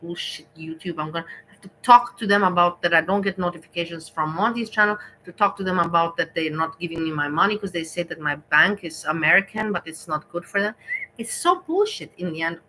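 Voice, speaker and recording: Woman, streamer, frustrated, swearing, sharp bright tone. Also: on the low side, a little fast, hardly any pauses, a little hiss or hum, rough recording. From Europe. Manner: frustrated, ranting, heavy swearing. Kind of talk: reaction livestream rant.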